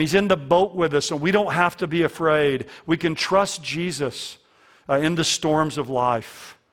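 A man preaching a sermon as a pastor, earnest and fond of repeating key lines for emphasis. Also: on the high side.

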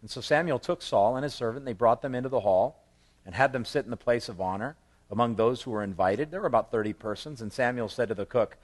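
A man preaching verse by verse through a Bible passage in a relaxed, conversational way, breaking into animated voices for the people he quotes and chuckling at his own asides. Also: medium pitch, fast. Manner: quotes scripture with lively acted voices. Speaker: pastor. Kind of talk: expository Bible teaching.

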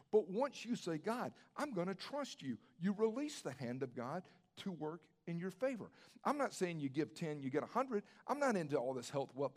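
Pastor guy preaching, talks to you like a friend, keeps repeating the point, voice on the high side. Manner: emphatic, repeats key phrases; conversational, rhetorical questions. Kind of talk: sermon.

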